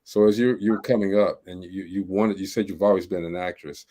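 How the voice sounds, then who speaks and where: A man hosting a casual interview show, asking relaxed, halting questions with restarts. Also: low-pitched. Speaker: show host.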